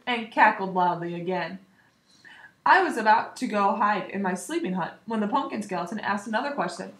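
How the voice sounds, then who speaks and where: A woman teacher reading a children's book aloud in an expressive, animated way. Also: medium pitch, moderate pace. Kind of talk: storybook read-aloud. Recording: roomy echo.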